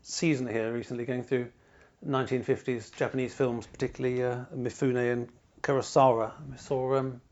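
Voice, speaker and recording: Man, podcast host, rapid talker, discursive, wry, lo-fi muffled audio. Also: mid-range voice. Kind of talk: podcast interview.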